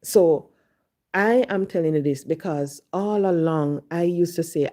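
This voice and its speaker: A Jamaican woman with a low, dark voice tells a personal story at an unhurried pace. Her accent is Jamaican, and she shifts into Patois whenever she quotes her own words.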